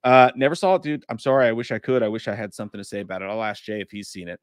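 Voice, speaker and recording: A man's voice: on the low side, steady tone, very fast, smooth, dry recording, clean studio sound. A man in his thirties or forties chatting loosely on a live stream, joking and swearing as he reads out viewer messages. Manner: profane, rambling, jokey. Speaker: podcast co-host reading live chat. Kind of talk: casual live-stream chat.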